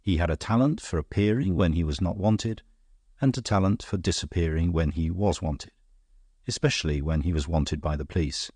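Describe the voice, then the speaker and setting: A man with a deep, low voice reads an audiobook in a steady, measured way. The recording is dry and close, with no room echo. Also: husky. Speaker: audiobook narrator. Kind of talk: scripted narration.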